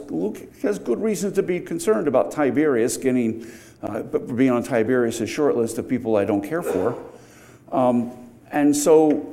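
Mellow-voiced man preaching through scripture. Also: medium pitch. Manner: explanatory, rising to emphatic outbursts on key points. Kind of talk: verse-by-verse sermon.

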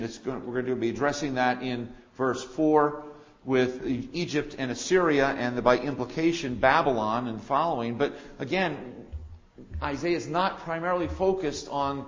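A man preaching an expository sermon, swinging between loud declarations and quiet asides. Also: mid-range voice, lo-fi sound.

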